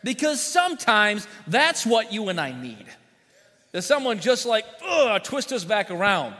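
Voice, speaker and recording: A man's voice: high voice, big pitch swings, unhurried, sharp tone. A man preaching a sermon as pastor, folksy, telling jokes and asking the congregation questions. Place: church sanctuary. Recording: long church hall reverb.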